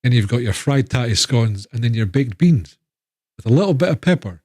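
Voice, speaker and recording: A man's voice: medium pitch, lively intonation, brisk, a little mellow, no room sound, clean studio sound. A man with a Scottish accent, chatting casually and rambling on a live stream. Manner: chatty, rambling, self-interrupting.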